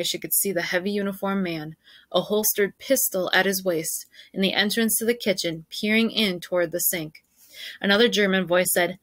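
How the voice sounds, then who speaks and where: A woman's voice: mid-range voice, fairly bright tone, no room sound. A woman teacher reading a novel aloud to her students, stopping to ask questions and explain.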